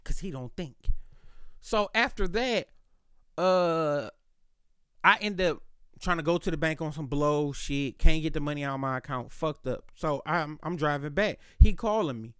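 A man with a slightly high voice tells a casual story on his podcast, animated and full of slang and cursing. The recording is dry and close, with no room sound. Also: a little slow, smooth, dry recording. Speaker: podcast host.

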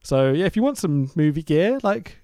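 Sarcastic man with lively pitch. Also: moderate pace, no room sound, clean studio sound. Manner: sarcastic, laughs often, swears freely. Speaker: podcast host. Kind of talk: casual film review chat.

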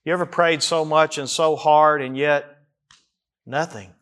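A man preaching a sermon as a pastor, rising to near-shouts and dropping low as he voices the psalmist's cries. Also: steady tone, moderate pace, smooth. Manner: acts out the psalmist's cries in first person.

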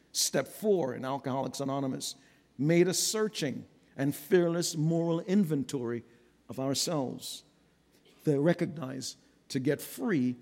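A middle-aged man preaching a sermon, swinging from low, quiet stretches to loud, ringing calls. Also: creaky. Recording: long hall reverb.

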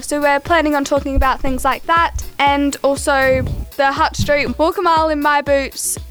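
Female, co-host, relaxed chat, higher pitch, soft music behind. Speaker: student radio co-host. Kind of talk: casual radio chat.

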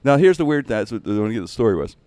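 A man, a radio host and impressionist, telling a story casually and animatedly, jumping way up in pitch on punchlines. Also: sing-song, racing, warm tone, smooth, dry recording.

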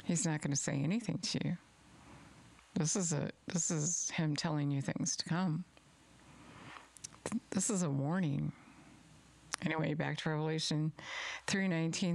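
A woman's voice: deep voice, steady tone, moderate pace, vocal fry, long pauses, a little mellow, a little hiss or hum. A middle-aged woman preaching an earnest sermon and reading scripture aloud, repeating words for emphasis.

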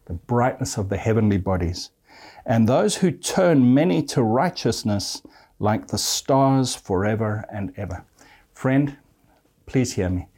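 A man's voice: lowish voice, dark tone. A man preaching a sermon, reading scripture verses aloud and earnestly addressing his listeners as friend.

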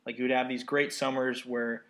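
A man's voice: mid-range voice, flat delivery, a little fast, a bit bright. A man in his twenties hosting a casual podcast interview from an apartment, joking and teasing his guest. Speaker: podcast host.

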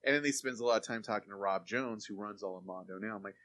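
A man's voice: on the low side, quick pace. A man co-hosting a podcast, chatting loosely about films with lots of fillers. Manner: rambling, filler-heavy, animated when excited. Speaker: podcast co-host reviewing films. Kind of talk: casual chat.

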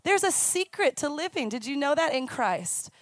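A woman in her thirties, a youth minister, giving a chatty, animated sermon. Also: high-pitched, no room sound. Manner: chatty, animated storytelling with quick asides. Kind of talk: conversational sermon. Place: church stage.

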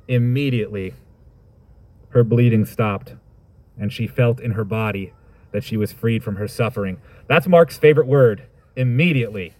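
A man's voice: mid-range voice, normal speed, darkish tone. A man preaching a sermon, reading scripture and reflecting on it in a thoughtful, conversational way with informal asides.

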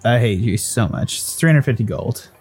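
A man's voice: mid-range voice, lively intonation, moderate pace, a little mellow, husky. A man runs a tabletop game, narrating in a loose, rambling way full of restarts and casual swearing. Faint music plays behind him. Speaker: game master.

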